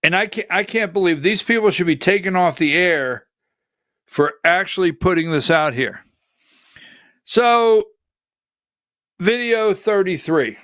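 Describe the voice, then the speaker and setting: A man's voice: high voice, animated, a little slow, long pauses, a bit bright, dry recording, studio quality. A male political talk show host giving combative, emphatic livestreamed commentary full of rhetorical questions.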